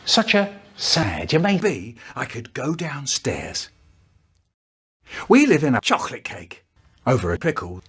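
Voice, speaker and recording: A man in his seventies performing comic stories and rhymes in a theatrical, lively way. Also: medium pitch, measured pace, husky. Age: 70s. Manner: theatrical, lively, swoops between silly voices. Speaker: children's poet performer. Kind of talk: animated storytelling, chopped into a remix.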